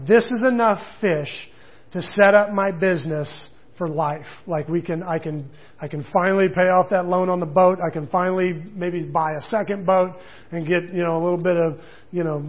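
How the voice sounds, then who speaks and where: A man's voice: high voice, husky, lo-fi sound. A man preaching a sermon in a conversational way, with casual asides and quoted voices. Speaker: pastor.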